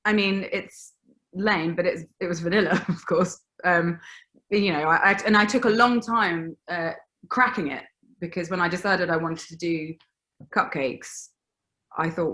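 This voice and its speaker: A woman from England chats on a video call about her baking, often laughing and restarting her sentences. Her voice sits low for a woman and comes across casual and unhurried. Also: fairly bright tone. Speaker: baker, guest.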